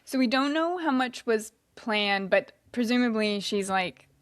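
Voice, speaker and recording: A woman's voice: fairly high pitch, lively intonation, no room sound. Podcast co-host, woman; easygoing, agreeable, dry close-mic. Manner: agreeable, chimes in with quick affirmations. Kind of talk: casual movie recap chat.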